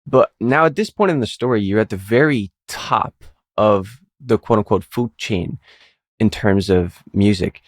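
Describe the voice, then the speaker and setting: Low-voiced male host, dry sound. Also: no room sound. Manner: measured, recapping before asking. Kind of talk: interview questions.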